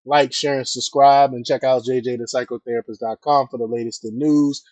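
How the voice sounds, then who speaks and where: A man's voice: mid-range voice, fairly even intonation, fairly quick, darkish tone, no echo. Hesitant man hosting political commentary. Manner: hesitant, many fillers and restarts, chatty asides to viewers. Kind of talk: casual news commentary.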